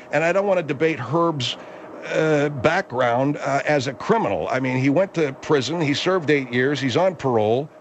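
A man's voice: on the high side, a little hiss or hum, natural voice. A man voicing a blustering, stammering general who keeps tripping over his words. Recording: dull lo-fi line.

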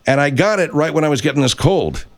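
Comedy talk radio host, male, animated pitch, earnest delivery full of hesitations. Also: fast talker. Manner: hesitant, restarting, mock-earnest.

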